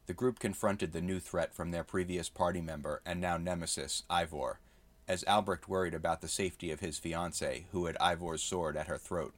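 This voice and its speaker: A man narrating a tabletop game session as a story in steady, understated prose. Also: sits low, normal speed, no echo.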